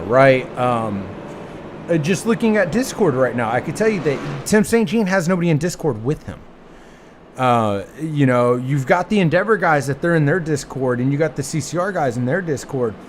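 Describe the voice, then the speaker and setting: A man giving animated play-by-play commentary on a live sim race. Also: fairly high pitch, background noise.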